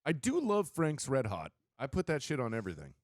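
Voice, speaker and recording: A man co-hosting a pop culture talk show, playful and teasing, with quick reactions. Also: mid-range voice, wildly swooping pitch, no room sound, studio quality. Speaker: podcast co-host. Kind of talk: casual chat.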